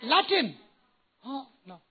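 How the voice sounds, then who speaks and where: A man's voice: extremely high pitch, very animated, slow, narrow, tinny audio. A man with an Indian English accent, a native Kannada speaker, giving a playful, humorous motivational address to new students and quizzing the audience. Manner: playful, teasing, questions the audience.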